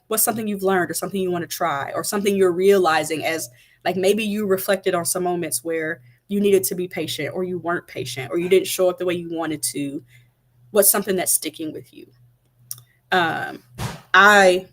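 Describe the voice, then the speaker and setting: Woman, 30s, live-stream parenting host, chatty, direct, lower voice, talks to viewers. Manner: chatty, direct, addresses viewers, many fillers like "like" and "right?". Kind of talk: casual live-stream advice talk.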